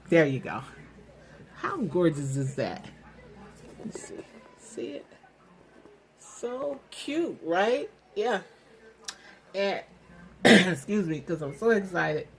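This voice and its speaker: Gushing low-voiced woman craft vlogger. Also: a little hiss or hum. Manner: gushing, excitable, chatty with many fillers. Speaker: craft channel host. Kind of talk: casual show-and-tell vlog.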